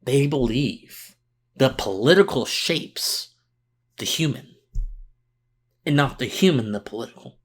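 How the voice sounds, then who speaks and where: A man's voice: mid-range voice, animated, measured pace, long pauses, husky. Tired, earnest male podcast host. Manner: earnest and impassioned, unscripted with restarts. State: mentally tired, talking slower than usual. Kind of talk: political commentary monologue.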